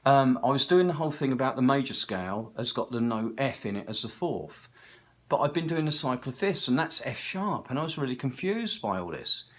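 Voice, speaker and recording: A man's voice: mid-range voice, big pitch swings, fairly quick. A man in his sixties with a British accent, a guitar technician talking in a casual, rambling monologue that hops from one tangent to the next. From Britain. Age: 60s. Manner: digressive, talkative, tangent-hopping storyteller.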